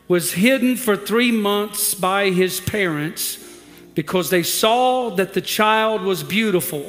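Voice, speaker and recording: Pastor guy with a high voice preaching slow to his church, cracks jokes then builds up, big echoey sanctuary. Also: fairly bright tone. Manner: calls the congregation to repeat scripture aloud; humorous storytelling with rising emphasis. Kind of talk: sermon.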